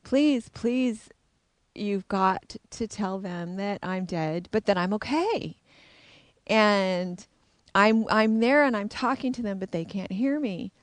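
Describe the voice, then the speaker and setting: A woman's voice: medium pitch, expressive, slow, dry recording. A woman voicing the ghost of a twelve-year-old girl who insistently pleads to be heard. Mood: pleading.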